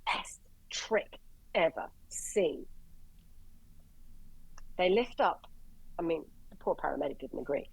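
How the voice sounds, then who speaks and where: An Irish woman from Ireland, a paramedic guest, telling stories in an animated, blunt way, swearing freely and acting out the people she quotes. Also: medium pitch, gravelly, husky, no echo, poor audio. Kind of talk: casual storytelling.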